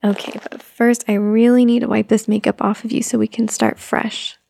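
A woman playing a gentle, patient young mother who softly coaxes her toddler, in a whispered role-play. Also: on the high side, little pitch movement, normal speed, vocal fry, no room sound. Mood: soothing. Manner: soft, coaxing, motherly.

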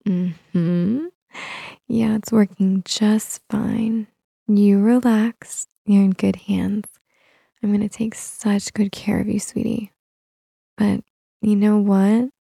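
A woman plays a teasing, controlling young character in an audio role-play, coaxing her listener through soft laughter in a full character voice. Medium in pitch, gravelly with fry, dark and mellow, she's recorded close and dry without any echo or room.

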